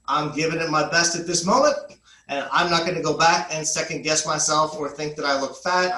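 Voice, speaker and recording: A man leads a class for real estate agents in an echoey room, his voice a little higher than most and bright and forceful. He talks in an upbeat, conversational way and drops in "uh" as he goes. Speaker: instructor.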